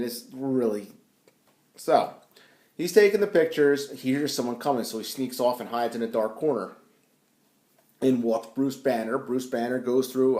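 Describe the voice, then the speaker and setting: Male comic reviewer, casual and animated, middle voice, roomy echo. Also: medium pitch. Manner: animated retelling, voicing characters. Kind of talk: casual chat.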